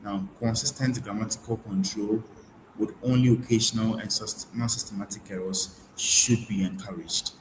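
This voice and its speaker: A man with a fairly low voice gives a webinar lesson. He restates each point and often stops to restart with fillers. The room sounds roomy, with a faint hiss behind him. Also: fairly even intonation, moderate pace. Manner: repeats key points, frequent fillers and restarts. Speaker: IELTS tutor. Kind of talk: webinar lecture.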